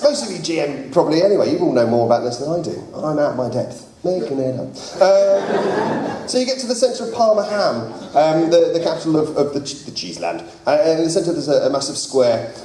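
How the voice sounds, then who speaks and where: Animated, jokey game master. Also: male voice, fairly high pitch, a little fast, noisy background. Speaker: game master and show host. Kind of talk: improvised live tabletop game narration. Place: live show at a games convention. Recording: echoey hall with audience.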